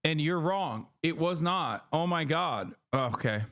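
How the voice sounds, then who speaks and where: A man's voice: on the high side, lively intonation, slow pace, fairly bright tone, no room sound. A man streaming, reacting to a news clip with profane, sarcastic and incredulous casual commentary.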